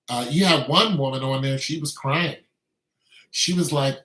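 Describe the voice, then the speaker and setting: Male commentator, emphatic repetitive ranter, bright pushed voice, echoey recording. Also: medium pitch, measured pace. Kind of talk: opinionated monologue.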